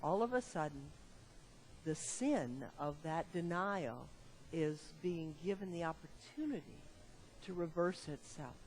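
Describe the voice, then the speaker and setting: Casting: a low-voiced woman preacher, unhurried, conversational sermon. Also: slight background noise. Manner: lively, conversational, asks the audience questions.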